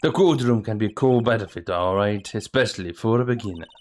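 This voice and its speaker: A man voicing a cool, smooth-talking male veteran lawyer who teases in a slow drawl. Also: lowish voice, darkish tone, lightly acted. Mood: teasing. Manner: laid-back, teasing, slow drawl.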